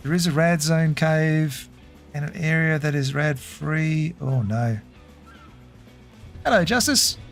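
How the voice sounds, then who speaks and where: A man talks through his game on a live stream in a slightly high, easygoing voice. He chats with viewers and laughs readily between thoughts. Soft music plays quietly behind him. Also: slow, gravelly, pauses often. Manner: chatty, laughing, reads chat aloud while playing. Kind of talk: casual live-stream commentary.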